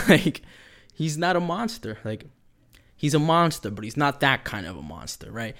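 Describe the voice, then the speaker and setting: A man's voice: a little high, big pitch swings, normal speed, a bit bright. A man recapping a horror series in a casual, profane chat, with lots of fillers and acted-out quotes. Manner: loose and profane, lots of "like" and "you know"; acts out quoted characters while retelling. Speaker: pop culture commentator.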